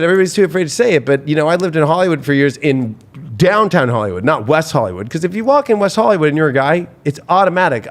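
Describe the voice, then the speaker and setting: A man, a tarot reader, telling stories in a rambling, profane way on a casual podcast, full of restarts. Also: a little high.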